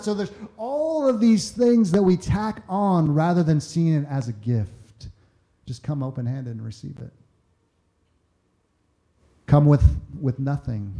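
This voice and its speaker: A man's voice: a little high, moderate pace, dark tone. A man preaching a conversational sermon, often acting out quoted voices and repeating words as he starts sentences. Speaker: pastor.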